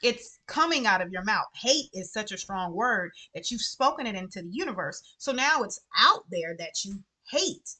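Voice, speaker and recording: Woman vlogger, adult mom, earnest and animated, crisp bright tone, middle pitch. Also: moderate pace, hardly any pauses. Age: adult with children. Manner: earnest, animated, repeats phrases for emphasis. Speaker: vlogger sharing favorite books. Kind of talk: casual heartfelt chat to camera.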